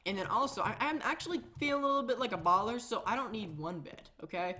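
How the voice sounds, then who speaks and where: A woman's voice: on the high side, fast, a bit bright. A woman hosting a casual gameplay video, chatting in a rambling, self-mocking way. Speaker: Minecraft let's-play host.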